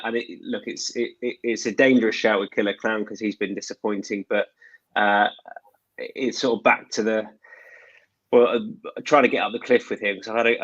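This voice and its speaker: Man, racing tips host, lowish voice, halting and self-deprecating, dull lo-fi sound, dry. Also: dry recording. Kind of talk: casual betting tips chat.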